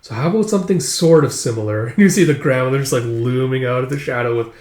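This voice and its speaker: A man's voice: mid-range voice, fast talker, a little mellow. A man casually retelling a comic book, narrating loosely with lots of filler. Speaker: manga reader. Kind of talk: casual read-through narration. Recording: echoey room.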